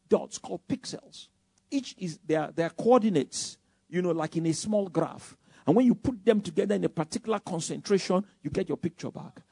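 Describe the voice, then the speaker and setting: A man preaches a sermon, animated and throwing out rhetorical questions. His voice sits a little high with a gravelly edge. The sound is close and dry. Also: no echo.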